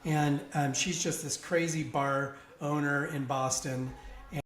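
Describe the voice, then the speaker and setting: A man guesting on a podcast, telling a long anecdote in a casual, animated way and laughing along as he goes. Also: on the high side, a little slow, reverberant. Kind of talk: casual storytelling.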